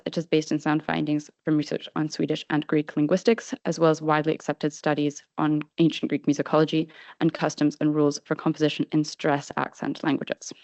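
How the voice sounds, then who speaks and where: A woman presenting a paper at an academic conference, reading formal prose in a measured way. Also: low voice, a little mellow, no room sound. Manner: formal, measured delivery with brief slide-control asides. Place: conference hall. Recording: dull, slightly lo-fi sound.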